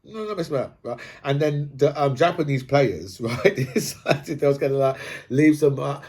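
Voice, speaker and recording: A man's voice: medium pitch, lively intonation, moderate pace, a little mellow, slightly rough. A man ranting casually in a rambling monologue, swearing and tagging his points with "right?".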